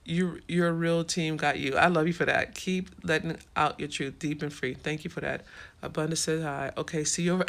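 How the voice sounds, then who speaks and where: A woman's voice: deep voice, fairly even intonation, moderate pace, creaky, fairly bright tone. A woman hosting a casual livestream, frankly answering viewer comments in a streetwise way. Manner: frank and streetwise, swears freely. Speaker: livestream host.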